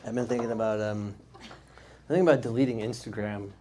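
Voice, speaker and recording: A man's voice: fairly low pitch, fairly even intonation, fast talker, a crowd in the background. A man, performing a casual stand-up set in a comedy club and laughing at his own jokes. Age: 20s. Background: audience laughter.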